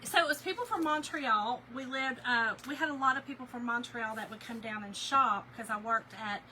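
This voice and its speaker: Chatty female craft host from Kentucky, bright, slightly high voice, faint room hum. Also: normal speed, poor audio. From Kentucky, USA. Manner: chatty, talks to viewers by name and says y'all. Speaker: craft shop owner hosting a live stream. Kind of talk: casual live chat while crafting.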